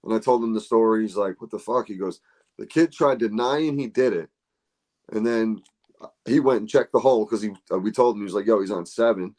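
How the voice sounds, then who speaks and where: A man with a lowish voice tells golf stories on a casual podcast. He talks with animated energy and swears freely, acting out what other people said. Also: brisk. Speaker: podcast host. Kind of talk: casual chat.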